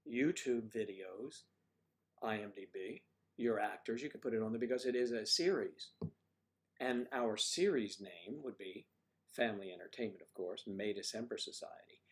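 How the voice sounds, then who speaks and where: An older man hosting a livestream, chatting casually and rambling, thinking aloud with frequent pauses. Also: mid-range voice. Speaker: livestream host.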